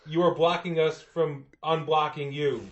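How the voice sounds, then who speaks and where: A man playing a weary snowplow driver who talks in a flat, reasonable way that turns quietly threatening. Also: a little high, unhurried, highs cut off, pitched above the performer's own voice. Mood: exasperated. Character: weary male snowplow driver, patient then menacing.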